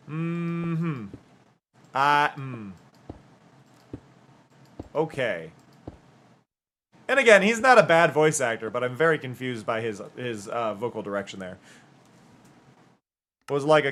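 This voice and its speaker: A man's voice: mid-range voice, lively intonation, a little slow, pauses often, fairly bright tone. A man streaming live and chatting casually, rambling and chatty, with hums and half-sung bits.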